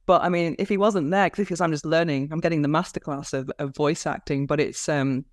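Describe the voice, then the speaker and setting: A woman's voice: deep voice, fairly even intonation, a little fast, no echo. A woman hosting a podcast in a casual interview chat, talkative and laughing often, with frequent restarts. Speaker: podcast host.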